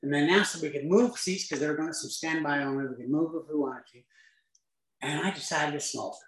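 A man's voice: a little high, fairly quick, a little hiss or hum. Chuckling storyteller man in a roomy hall. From Utah. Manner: lively, chuckling anecdotal delivery with asides. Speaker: speaker sharing at a recovery meeting. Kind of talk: humorous personal storytelling talk.

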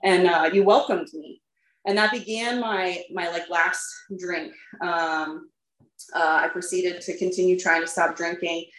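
In an echoey room, a woman shares her recovery story with a group, her lowish, fairly bright voice steady in tone and measured in pace. She's candid and talkative, leaning on fillers and occasionally laughing at herself.

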